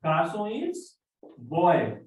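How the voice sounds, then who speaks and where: Slow, drilling language teacher. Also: medium pitch, wildly swooping pitch. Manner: slow, repetitive drilling of examples. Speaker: French teacher. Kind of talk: language lesson. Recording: roomy echo, mic far off.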